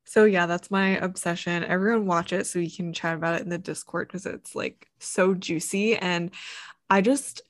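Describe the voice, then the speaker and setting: A woman's voice: lowish voice, steady tone, normal speed. A woman in her twenties co-hosting a podcast in casual chat, chatty and full of "like", laughing often. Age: 20s. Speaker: podcast co-host.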